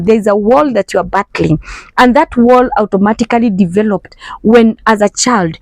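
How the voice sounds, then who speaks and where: Mom talking straight to camera, repeats stuff for emphasis, kinda high voice, dry sound. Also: female voice, warm tone, no echo, low-quality recording. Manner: repetitive, emphatic, acts out inner voices. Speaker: foster mom and parenting speaker. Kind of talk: earnest talk to camera.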